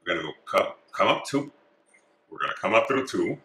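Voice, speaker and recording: A man calmly talking through each step of a craft tutorial as he works with his hands. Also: sits low, a little fast. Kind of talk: step-by-step instruction. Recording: echoey room.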